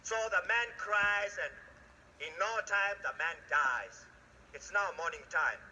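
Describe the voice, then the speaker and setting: Male storyteller, folk tale, slow and emphatic, very bright tone, lively pitch. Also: dull audio, a little hiss or hum. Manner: slow, emphatic, animated with pauses.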